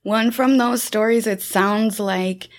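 A woman's voice: mid-range voice, steady tone, a little slow. A woman interviewing a guest in a casual conversation, affirming him and summing up his stories. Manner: warm and affirming, sums up the guest.

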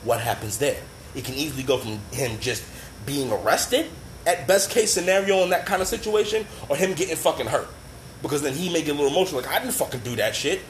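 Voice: mid-range voice, fast, slight background noise. A commentator in a profane, impassioned rant who talks bluntly, swears constantly and speaks straight to the listeners. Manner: heated, blunt, heavy swearing, addresses listeners directly.

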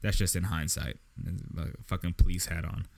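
Man, low voice, casual profane storytelling, acts out every line of dialogue. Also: moderate pace, gravelly. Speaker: podcast host.

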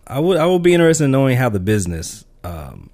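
A man co-hosts a filmmaking podcast, his mid-range voice sing-song, quick and a little mellow. He chats casually about film, rambling with lots of restarts and fillers.

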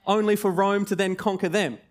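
A man in his forties preaching a sermon in a jokey, conversational and animated way, with asides and rhetorical questions. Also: high-pitched, fairly quick.

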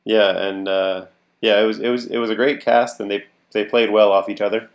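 Deep gravelly man chatting about a movie. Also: fairly even intonation, a little fast. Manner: laughs often, trailing restarts. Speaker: podcast co-host. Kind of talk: casual movie discussion.

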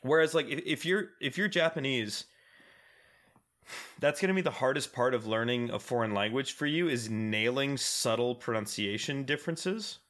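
A podcast co-host chats casually in a mid-range, slightly bright voice at a moderate pace. His talk rambles, full of fillers and restarts.

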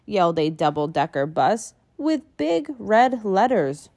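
A woman reading a children's picture book aloud in an expressive sing-song way, adding little sound effects. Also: mid-range voice, unhurried, hardly any pauses.

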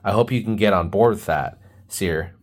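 A man's voice: on the low side, normal speed. A young man hosting a comedy podcast, rambling and joking with lots of fillers. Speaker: podcast host. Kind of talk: casual comedy podcast chat.

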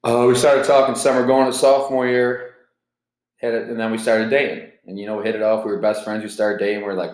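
A man's voice: lowish voice, level tone, fairly quick, a little mellow, echoey room, rough recording. A man in his twenties hosting a solo podcast, talking in a rambling, candid, profane way, jittery from caffeine. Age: 20s. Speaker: podcast host. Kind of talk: casual solo podcast monologue.

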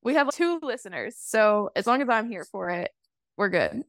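With big swings in her mid-range pitch, a woman talks at an ordinary pace while co-hosting a relaxed podcast conversation over a call. She's bubbly and quick to laugh; her remote call mic sounds studio quality with no echo.

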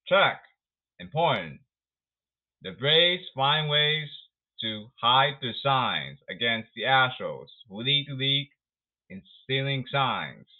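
A man rants about the game in a sarcastic, emphatic way, his voice swinging widely up and down. He talks slowly and a little high, and the sound is thin and tinny, like a phone line. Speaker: baseball commentator. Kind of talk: sarcastic baseball rant.

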